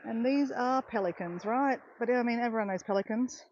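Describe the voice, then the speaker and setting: A woman's voice: on the high side, brisk, darkish tone, muffled recording. A middle-aged woman with an Australian accent, chatting casually and rambling while she streams a live walk on the beach, often correcting herself. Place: outdoors on a beach.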